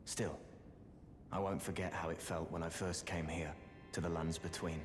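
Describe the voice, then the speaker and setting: An actor playing a courteous, friendly wandering sorcerer in a video game, speaking in a polite, measured, gently wry way. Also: male voice, sits low, level tone, close to an everyday voice. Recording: echoey game audio with long reverb and music behind.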